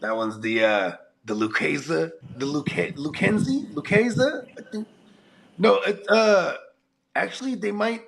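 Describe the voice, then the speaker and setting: This man in his forties co-hosts a casual chat, rambling, swearing and laughing often while fighting a cold. His voice sits on the high side, slow and creaky, with a fairly bright tone.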